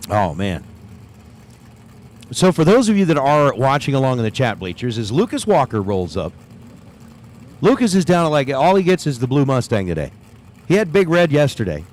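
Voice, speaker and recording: A man's voice: medium pitch, sing-song, normal speed, pauses often, darkish tone. A man calling drag races live at the track, chatting and joking between runs. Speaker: drag race announcer. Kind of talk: live race commentary. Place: outdoors at a racetrack.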